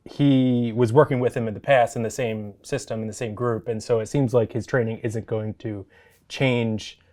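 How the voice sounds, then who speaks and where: A man co-hosting a throws podcast, speaking softly and hesitantly with many pauses and fillers. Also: medium pitch, fairly even intonation. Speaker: throws coach, podcast co-host. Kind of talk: casual sports chat.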